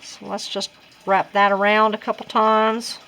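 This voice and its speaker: A woman's voice: mid-range voice, level tone, unhurried, bright, forceful tone. A woman talking casually through a craft tutorial, chatty and self-deprecating as she works things out aloud. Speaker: crafting vlogger.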